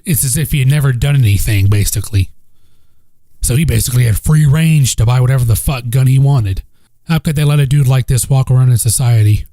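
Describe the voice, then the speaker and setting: A man's voice: medium pitch, warm tone, no echo. A man with a Southern accent, hosting a solo podcast in a blunt, profane, rambling way that repeats itself. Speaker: podcast host. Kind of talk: casual solo podcast talk. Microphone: home microphone.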